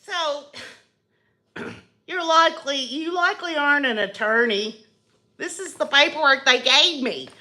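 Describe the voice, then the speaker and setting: A woman with a high, bright voice delivers a satirical monologue in character, mocking and sarcastic throughout. She speaks slowly and lets each crude aside land. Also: animated. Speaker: host of a satirical channel.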